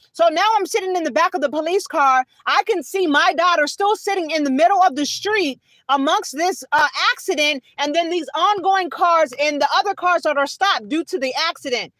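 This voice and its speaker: A woman's voice: very high voice, moderate pace, fairly bright tone, no room sound, rough recording. A woman telling a rambling personal story, often asking "okay?" and "you know". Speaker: vlogger.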